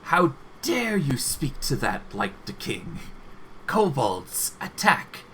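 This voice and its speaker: A man's voice: a little high, big pitch swings, slow, sharp tone, a little hiss or hum, exaggerated voice. A man voicing an aggressive, pompous male kobold chieftain who barks orders. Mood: blustering.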